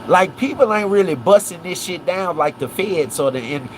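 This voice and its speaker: A Memphis livestream host with a fairly high voice unpacks a case at a moderate pace, animated throughout. He keeps checking in with "right?" and "watch this" during the casual stream, and slight background noise is present.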